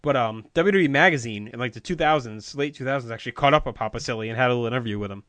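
A man's voice: mid-range voice, very fast, a bit bright, dry recording. A man co-hosting a podcast, casually recounting memories with fillers and the odd laugh. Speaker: podcast co-host. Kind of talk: casual chat recalling old wrestling shows.

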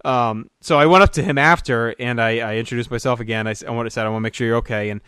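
A man co-hosting a podcast, animated as he tells a story and laughs along with it. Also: mid-range voice, very fast, smooth, no echo, studio quality. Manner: animated, laughs through his own story. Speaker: podcast co-host. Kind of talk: casual storytelling chat.

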